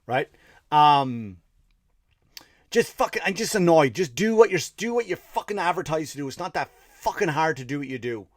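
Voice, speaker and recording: A man's voice: fairly high pitch, expressive, normal speed, no room sound. An Irish man who hosts a comedy podcast, telling a rambling story with profanity and fired-up rants. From Ireland. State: tired after running 50 miles (story).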